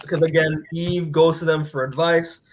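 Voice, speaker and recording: A man's voice: on the high side, little pitch movement, moderate pace, background noise. A man casually recapping a comic book as a podcast co-host, rambling with lots of filler words and casual swearing.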